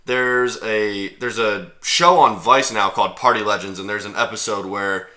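A man's voice: on the low side, normal speed, pushed and bright. A young man co-hosting a podcast, chatting casually about sports with jokes and rambling asides. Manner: joking, rambling with fillers. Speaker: podcast co-host.

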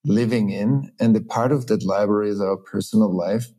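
A middle-aged man, a teacher and facilitator, explaining ideas earnestly in an interview with many pauses and restarts. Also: on the low side, steady tone, warm tone, slightly rough. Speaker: teacher and trauma-healing facilitator, guest. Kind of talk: reflective interview talk.

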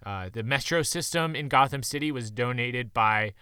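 A man in casual conversation about a movie, animated and quick to laugh. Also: medium pitch, smooth, no room sound, studio quality.

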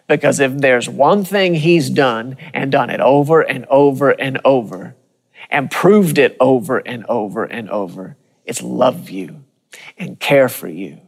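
Impassioned preacher with echoing reverb. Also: male voice, on the high side. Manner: impassioned, repeats phrases, slows for emphasis. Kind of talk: broadcast sermon.

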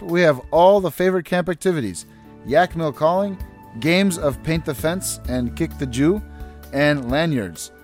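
A hearty Kazakh camp pitchman with a Kazakh accent, as a man puts him on, pitching in a deadpan mock radio-ad voice. His voice sits a little high and swings widely, with music thumping behind. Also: lightly acted. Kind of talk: parody commercial.

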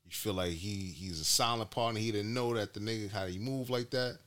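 A man's voice: on the low side, brisk, fairly bright tone. A man co-hosting a podcast in casual banter, laughing and acting out reactions. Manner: laughing, acts out reactions in quotes. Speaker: podcast co-host.

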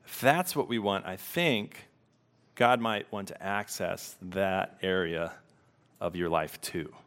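Low-voiced pastor preaching reflectively. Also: male voice, a bit bright, smooth. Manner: reflective, pauses to let questions sink in. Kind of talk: sermon.

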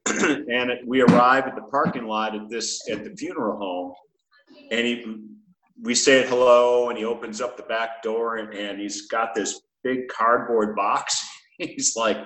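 A man's voice: mid-range voice, steady tone, a little slow, fairly bright tone. A man who is a podcast guest, telling a teasing anecdote in a wry way and acting out the dialogue. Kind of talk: casual storytelling. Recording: echoey room.

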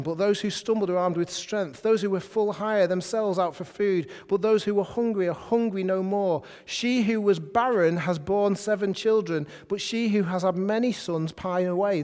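A man preaching a sermon to a congregation in a lively, conversational way, often putting questions to them. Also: sits high. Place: church hall. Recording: hall reverb.

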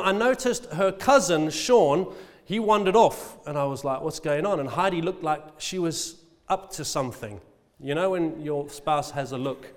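A man in his forties, a pastor giving a sermon, telling a personal story in a humble, storytelling way with laughs and restarts. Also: on the high side. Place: church hall. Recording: long hall reverb.

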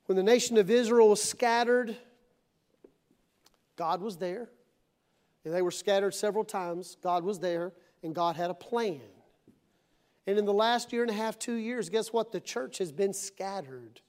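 A middle-aged man preaching a sermon to his congregation in church, dramatic, acting out voices and swinging between loud and hushed. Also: high-pitched, a little slow, long pauses. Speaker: pastor.

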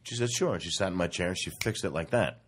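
A very low-voiced man, a comedian spinning a casual, profane anecdote. He slips into the other people in the story as he tells it, voicing both sides of every exchange. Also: fast talker, a bit bright. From New York.

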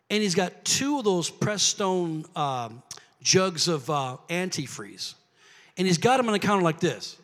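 Guy preaching in a church, high bright voice, goes from low storytelling to shouting, lots of hall echo. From grew up Pentecostal. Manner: builds from quiet storytelling to shouting calls to the crowd. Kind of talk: sermon storytelling. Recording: long hall reverb.

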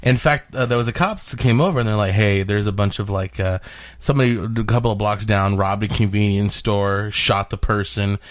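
A man's voice: lowish voice, brisk, no echo, clean studio sound. A man telling work stories in casual podcast chat, rambling and restarting his sentences. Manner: rambling, self-interrupting storyteller.

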